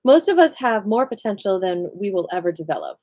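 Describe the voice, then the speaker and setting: A woman's voice: medium pitch, sing-song, a little fast, darkish tone. A tired woman reading a self-help book aloud on a live stream, breaking off now and then for chatty asides. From American.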